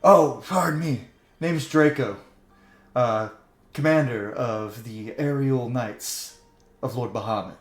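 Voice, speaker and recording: Cocky villainous dragon knight, put on by a male game master, bright and sneering, echoey room. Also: mid-range voice, slow pace, natural voice. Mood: boastful. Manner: mocking, swaggering. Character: cocky taunting male dragon-rider commander.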